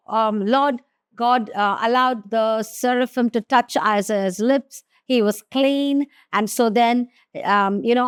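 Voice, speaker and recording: Slow, earnest woman teaching the Bible. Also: on the high side, smooth, no echo, studio quality. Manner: reads scripture aloud, then explains it slowly with emphasis.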